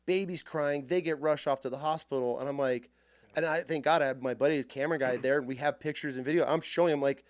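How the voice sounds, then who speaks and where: A man from Texas, a podcast guest telling stories in an animated way and acting out heated arguments in quoted voices. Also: fairly high pitch, quick pace, dry recording. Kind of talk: animated storytelling in conversation.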